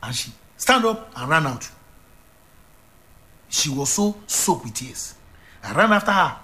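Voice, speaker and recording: A man's voice: fairly high pitch, sing-song, unhurried, pushed and bright. A man preaching a sermon as an evangelist, emphatic and repetitive, with stammered restarts.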